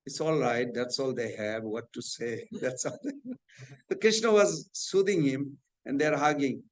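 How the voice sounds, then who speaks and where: A man's voice: mid-range voice, unhurried, poor audio. A man leading a scripture class, telling a devotional story and acting out its dialogue.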